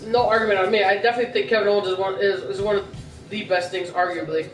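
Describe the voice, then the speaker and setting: A man's voice: high voice, steady tone, rapid-fire, distant mic. A man from the US Midwest co-hosting a casual wrestling podcast, with joking, laughing banter. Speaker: podcast co-host. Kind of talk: casual chat. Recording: echoey room from afar, faint music.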